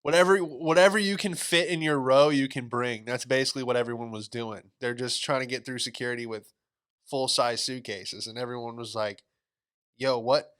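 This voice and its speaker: A young man hosting a podcast tells a casual, comedic story in a rambling, laid-back way, heavy on fillers and slang. His mid-range voice is clean and a bit bright, with fairly even intonation and a slightly quick pace.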